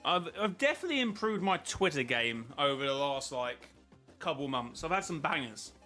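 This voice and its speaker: A man's voice: fairly high pitch, very animated, normal speed, pushed and bright, faint music behind. A man streaming a game, chatting casually with his viewers in a rambling, self-interrupting way. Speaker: gaming streamer.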